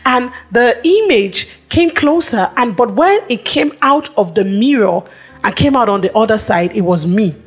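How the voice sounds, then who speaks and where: High-voiced woman preaching a sermon. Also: expressive, husky, faint music behind. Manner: rhythmic, repetitive phrasing with emphatic pauses.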